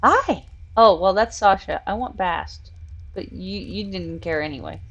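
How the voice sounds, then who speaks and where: A woman's voice: medium pitch, measured pace, highs cut off. A woman hosting a casual live stream, chatting and laughing while she builds in a virtual world and coos at her cats. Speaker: streamer and show host.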